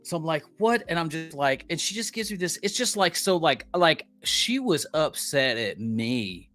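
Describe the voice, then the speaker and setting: A man's voice: a little high, very animated, normal speed, a bit bright, faint music behind. A middle-aged man, a podcast co-host, telling a story as a heated, profane rant and acting out quotes.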